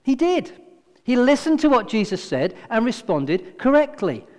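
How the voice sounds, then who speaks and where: A man's voice: very high-pitched, sing-song, unhurried. A man preaching a sermon, telling a scripture story and acting out the quoted lines, with repeated phrases for emphasis. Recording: reverberant hall.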